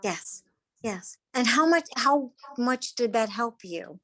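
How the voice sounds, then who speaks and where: Gentle, reassuring woman host. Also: fairly high pitch, lively intonation, takes it slowly. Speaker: host and psychic medium. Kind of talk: podcast talk.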